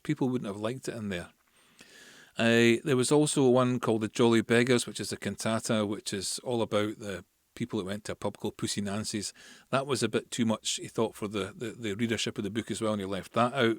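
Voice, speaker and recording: A man's voice: medium pitch, dry recording, studio quality. Scottish man telling history casually. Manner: chatty, explains with asides and fillers. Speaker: podcast host.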